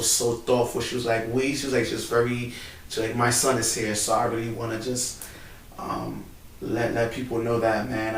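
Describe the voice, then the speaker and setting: A man in casual, emotional chat, peppering his talk with "bro" and "man", recorded in a church building. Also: medium pitch. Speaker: co-host. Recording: roomy, distant mic, faint background noise.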